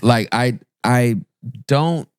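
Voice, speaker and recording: A man, a pastor and podcast guest, telling a funny story in a playful, self-mocking way and swooping up high for the punchlines. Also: extremely slow, smooth, no room sound, studio quality. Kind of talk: animated comic storytelling in a podcast interview.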